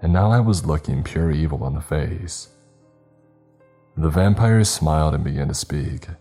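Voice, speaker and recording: A man narrating a horror story in a slow, grave, measured way. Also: extremely low pitch, warm tone, breathy edge, faint music behind.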